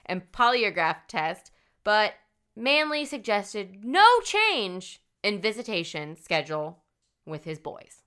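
A woman's voice: medium pitch, very animated, slow, bright, forceful tone, clear, resonant tone. Profane, indignant female storyteller. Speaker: podcast host telling a true-crime story. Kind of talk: casual chat.

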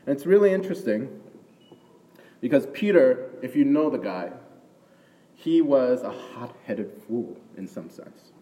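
A man preaching a sermon in a conversational way, often checking in with the audience with a quick "right?". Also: medium pitch, lively intonation, mellow. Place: church hall with an audience. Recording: distant mic in a reverberant hall.

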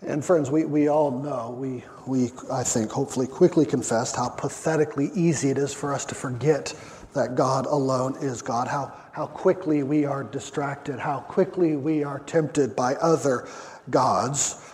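A man's voice: medium pitch, fairly even intonation, a little slow, darkish tone. A man preaching a sermon, emphatic, drawing out his phrases and often repeating words as he builds a point. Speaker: pastor. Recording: long hall reverb.

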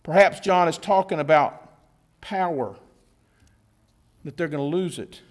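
A man's voice: fairly high pitch, unhurried, soft background music. A male pastor preaching a sermon, earnest, stretching key words for emphasis, repeating phrases, and dropping in casual asides. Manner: informal asides with a self-correcting laugh.

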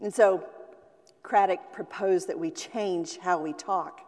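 A woman pastor preaching a sermon, slow and deliberate, sometimes acting out the voices she quotes. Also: on the low side, steady tone, darkish tone, long reverb tail. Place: church sanctuary.

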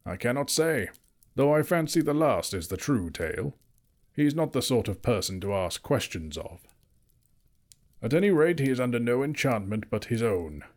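A man's voice: mid-range voice, natural voice. Gandalf, a man voicing a stern old wizard. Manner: emphatic, lecturing. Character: old male wizard, stern and easily cross.

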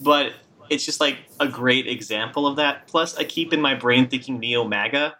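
Giggly podcast host man, bright voice. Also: mid-range voice, normal speed. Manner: laughs often, loose and jokey. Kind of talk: casual chat.

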